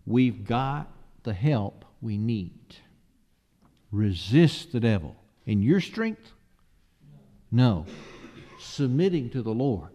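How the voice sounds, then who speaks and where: A man's voice: mid-range voice, mellow. A man preaching a sermon, emphatic and asking the listeners rhetorical questions.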